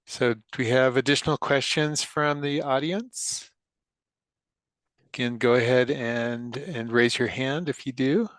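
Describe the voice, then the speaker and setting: A man moderating the question session of an online talk, halting and repeating words as he thanks the speaker. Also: mid-range voice, fairly bright tone, no echo. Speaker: event moderator. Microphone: video call.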